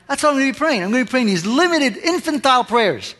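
A man's voice: very high-pitched, animated, quick pace, few pauses, a bit bright, big-room sound. A man preaching a sermon as pastor, impassioned, pressing his congregation with rhetorical questions.

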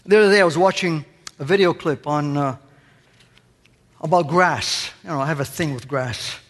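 A man's voice: on the high side, moderate pace, a bit bright, in a large hall. A man preaching a sermon as pastor, impassioned, pressing his congregation with rhetorical questions.

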